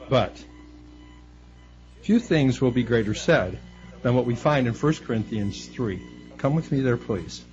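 A middle-aged man preaching a sermon, animated and playful, lifting his voice high to act out quoted speech. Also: moderate pace, dull audio, faint music behind. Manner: animated, acting out quoted voices with rising pitch. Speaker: pastor.

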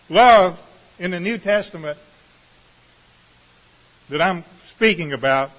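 Slow high-voiced preacher in a reverberant hall. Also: male voice, fairly bright tone. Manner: slow, measured reading with dramatic pauses. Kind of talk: sermon with scripture reading. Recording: muffled, reverberant hall sound.

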